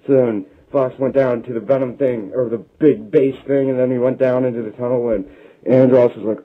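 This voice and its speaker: A man's voice: medium pitch, fairly even intonation, fairly quick. A man retelling a story in a rambling, run-on comic way, chaining everything with "and then". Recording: dull lo-fi recording.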